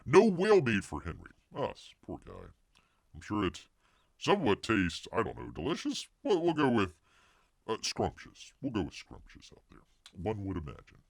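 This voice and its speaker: Male host, low gravelly voice, lively pitch, rambling jokey delivery, dry close sound. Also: moderate pace, dry recording. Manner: rambling, jokey, refers to himself as Bear in third person. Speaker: livestream host. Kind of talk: casual news chat reading out chat.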